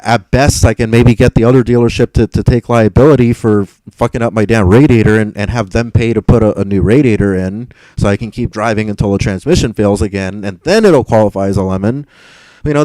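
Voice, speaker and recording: A man's voice: mid-range voice, brisk, mellow, no echo, rough recording. A young man live streaming and answering chat, frustrated and rambling, swearing and stumbling over repeated words.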